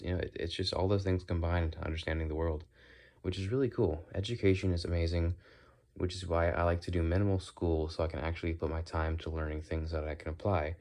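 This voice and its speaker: A man's voice: sits low, darkish tone. A young man rambling opinionated thoughts while walking outdoors, now and then playing with silly accents and sounds. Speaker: vlogger. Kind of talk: casual walking monologue.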